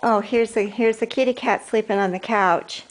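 An older woman with a fairly high voice chats casually as she films around her house. She coaxes her pet in a sing-song tone, picked up by a handheld camera mic. A faint noise sits under her voice. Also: fairly even intonation, normal speed, rough recording. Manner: chatty, coaxing sing-song toward the dog. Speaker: grandmother filming her dog. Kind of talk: casual home video, talking on the phone. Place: indoors at home, house rooms.

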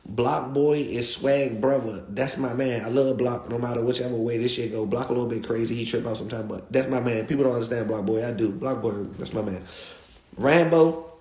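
A young man tells a street story as a guest, animated and slangy, circling back to repeat his points. His voice sits at a middling pitch. The sound carries a roomy echo. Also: a little fast.

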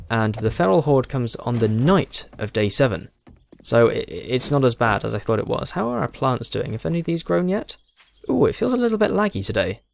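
A young man from Britain, a gaming YouTuber with a British English accent, gives casual, chatty commentary while playing, often mocking himself. His voice is medium in pitch with vocal fry, and there's a little hiss or hum in the recording.

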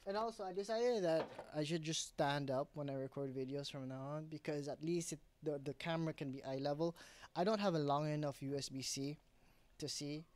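A man's voice: a little high, fairly quick, a little mellow. Rambling young man vlogging at his desk. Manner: rambling, self-correcting, many restarts. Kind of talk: rambling casual vlog. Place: home desk setup, indoors.

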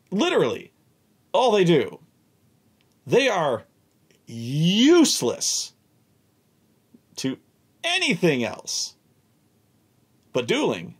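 Male host, husky, drawn-out unhurried delivery, animated rant about a gaming table. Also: a little high. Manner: animated, profane, exasperated, repeats words. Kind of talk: casual storytelling rant.

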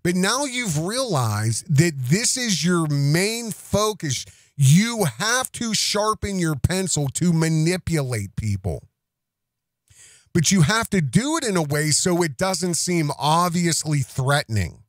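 A man's voice: a little high, very animated, slow pace, no room sound, clean studio sound. A man hosting a podcast, delivering accusatory commentary in an emphatic way, repeating himself and restarting phrases. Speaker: podcast host.

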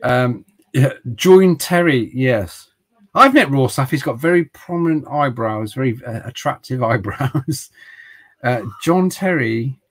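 A man's voice: mid-range voice, expressive, a little slow, fairly bright tone, low-quality recording. A middle-aged man chatting casually while streaming games, rambling with stumbling restarts and jokes. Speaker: streamer playing retro games. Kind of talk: casual livestream chat.

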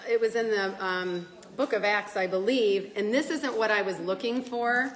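A woman's voice: mid-range voice, moderate pace. Woman giving an echoey casual Bible talk. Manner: animated, laughing storyteller who acts out quotes. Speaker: Bible study speaker. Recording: echoey room.

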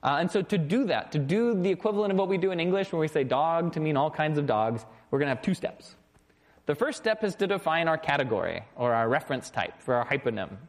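A man giving an informal recorded programming lecture. He is lively and often checks in with "okay?" and "right?". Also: on the high side, quick pace. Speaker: university lecturer.

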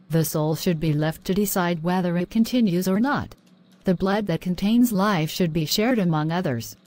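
A woman's voice: fairly low pitch, a little mellow, close to an everyday voice. A woman voicing a defiant female overseer of a crusade in an audio drama, speaking in solemn, declamatory vows.

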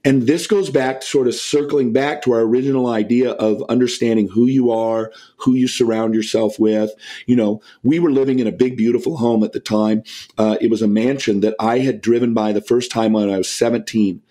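A middle-aged man with a warm, mellow voice shares a story during a podcast interview. He is a lively storyteller who acts out the lines of the people in it. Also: medium pitch, fairly quick. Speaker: podcast guest.

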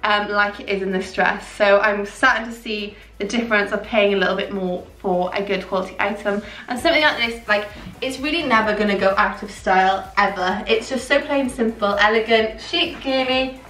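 A young woman chatting casually and excitedly through a clothing haul vlog, with plenty of fillers. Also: mid-range voice, normal speed, distant mic. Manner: chatty, gushing, filler-heavy. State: out of breath. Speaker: fashion vlogger. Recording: echoey room, voice a little off-mic.

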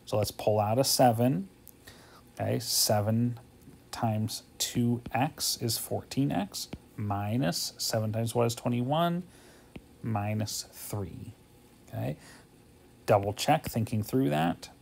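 A man with a gravelly, creaky voice at an everyday middle pitch talks through a math lesson. He sounds tired and casual, thinking aloud and asking "okay?" again and again as he works each step. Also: takes it slowly, a little mellow. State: tired, yawning. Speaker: math teacher. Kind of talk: homework walkthrough lesson.

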